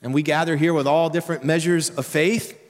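A man's voice: fairly high pitch, steady tone, a little fast. A male pastor preaching a sermon in a conversational way, full of rhetorical questions, in a church sanctuary. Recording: long church-hall reverb.

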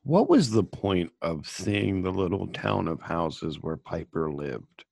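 A man's voice: sits low, big pitch swings, takes it slowly, creaky, a little mellow, breathy edge, no echo. A man co-hosting a casual TV show discussion, talking in a dry, wry, grumbling way.

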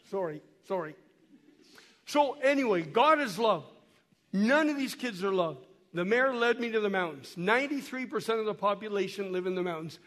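A high-voiced man speaks to a church in a folksy storytelling way, stumbling over and repeating his words as he shows photos. He is hoarse from a cold. His voice carries a long echo through the church hall. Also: a bit bright. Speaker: missionary guest speaker. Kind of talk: storytelling talk to a church while showing photos.

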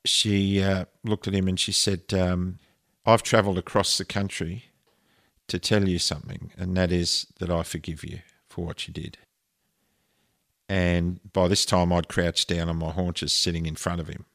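A man with a very low, deep voice tells a deeply personal story, earnest and emotional, often restarting his sentences. The sound is dry and close, with no room around him. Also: level tone, moderate pace, gravelly, fairly bright tone, no echo. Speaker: interview guest. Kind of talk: personal story told in conversation.

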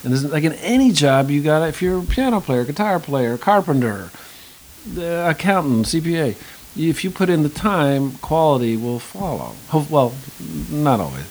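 A man's voice: on the high side, sing-song, moderate pace, a little mellow, poor audio. A man in his fifties, an actor, talking casually in an interview, rambling with lots of restarts and asides. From United States. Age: 50s. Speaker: actor guest.

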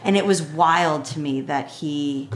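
A woman with a fairly low speaking voice, recounting a personal story as a podcast guest. Her talk is loose and chatty, peppered with "like", and she slips into the voices of both people in the exchange. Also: measured pace, slight background noise. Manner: chatty, heavy on "like", acts out both sides of conversations. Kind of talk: casual storytelling.

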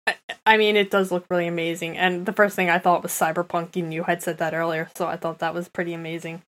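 A woman's voice: on the low side, level tone, fast talker, fairly bright tone. A woman co-hosting a casual gaming chat, giving blunt opinions with hesitant fillers. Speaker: podcast co-host.

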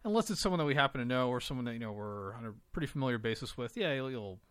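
Quick-talking guy cohosting a podcast, dry close sound, easygoing. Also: mid-range voice, smooth, dry recording. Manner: quick, relaxed, conversational with restarts. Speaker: podcast co-host. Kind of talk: casual chat.

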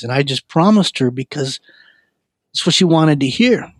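A man's voice: on the high side, expressive, normal speed, no room sound. A man earnestly telling his life story as an interview guest, often stumbling and repeating words. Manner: earnest, frequent stammered repeats. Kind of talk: personal testimony storytelling.

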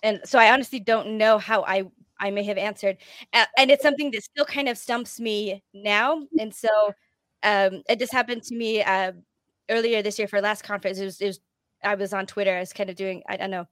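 A woman with a mid-range voice talks through her thoughts on a podcast. The sound is dry and close, with no room echo. She is candid and reflective and pauses to find her words. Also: mid-range voice, steady tone, fairly bright tone. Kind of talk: casual podcast discussion.

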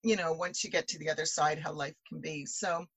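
Woman host w/ a bright crisp voice, friendly questions, dry close sound. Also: low-pitched, fairly even intonation, brisk, no room sound, poor audio. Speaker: podcast host. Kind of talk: podcast interview.

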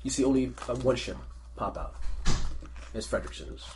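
A man's voice: mid-range voice, lively intonation, normal speed, a little mellow, slight background noise. A man running a tabletop game as game master, chatty and laughing often as he narrates.

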